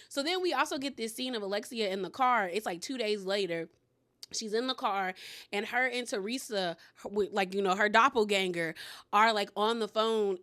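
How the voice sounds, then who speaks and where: A woman's voice: medium pitch, fairly bright tone. A young woman giving a casual, opinionated recap of a reality show, often acting out what the cast members said. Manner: chatty, opinionated, quotes others in character voices.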